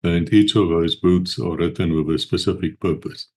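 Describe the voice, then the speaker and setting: A man's voice: low-pitched, steady tone, normal speed. A middle-aged man, hosting his channel at home, chatting casually and rambling with hesitant fillers. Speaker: channel host. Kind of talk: casual chat to camera. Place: at home with a pet cat.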